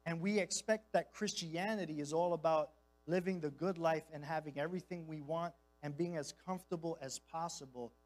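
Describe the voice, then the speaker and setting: A man's voice: on the high side, fairly even intonation, fairly quick, a little mellow, rough recording. A man preaching as a guest speaker in a church, mixing impassioned, conversational delivery with casual slang and repeated phrases. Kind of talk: sermon.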